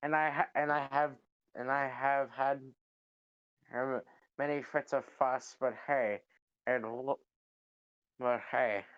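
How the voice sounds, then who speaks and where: A man's voice: medium pitch, steady tone, slow, pauses often, smooth, highs cut off, natural voice. A man voicing a grumpy cartoon squid turned angry race car driver, using a nasal put-on voice in improv comedy. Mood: snooty.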